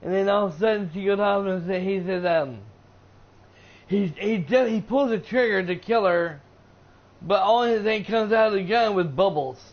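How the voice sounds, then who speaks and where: High-voiced man rambling through a movie recap. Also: normal speed, dull audio. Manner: rambling, full of fillers and restarts. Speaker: gaming streamer reviewing a movie. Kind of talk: casual spoken movie recap on a live stream.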